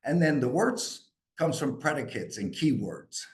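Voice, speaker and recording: A man from New York coaching a group live, energetic and asking the group questions. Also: mid-range voice, unhurried. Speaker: sales coach.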